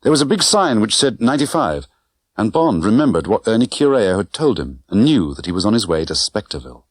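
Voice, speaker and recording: A man narrating an audiobook with an expressive, dramatic reading. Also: fairly low pitch, brisk, slightly rough, no echo. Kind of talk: scripted narration. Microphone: close studio mic.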